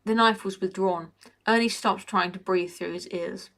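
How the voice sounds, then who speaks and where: Bright-voiced woman reading a story aloud. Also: medium pitch, steady tone, normal speed. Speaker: reader.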